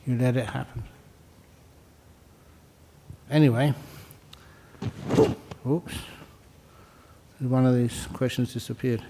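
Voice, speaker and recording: With a mid-range voice and steady tone, an older Buddhist monk takes his time and pauses often as he teaches meditation. His conversational dharma talk includes answering questions, telling jokes, and repeating phrases for emphasis, with background noise audible.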